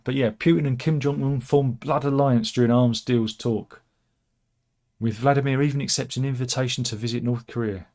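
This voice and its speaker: A man's voice: medium pitch, fairly even intonation, fairly quick, darkish tone. Wry, rambling man reading the news. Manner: rambling and wry, with many restarts and asides. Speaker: host of a satirical news channel. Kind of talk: casual commentary on news stories.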